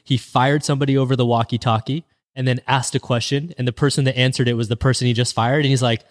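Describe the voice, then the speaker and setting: A man's voice: medium pitch, steady tone, fast. A man hosting a podcast, chatting in a laid-back way, laughing easily and calling his guest bro. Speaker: podcast host. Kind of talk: casual chat.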